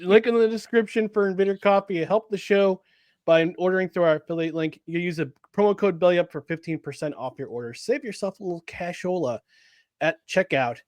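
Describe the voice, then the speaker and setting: A man's voice: high-pitched, dry recording, clean studio sound. Upbeat man doing a sponsor plug. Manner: upbeat, plugs a sponsor with a joking tone. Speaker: podcast co-host. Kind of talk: casual chat with an ad read.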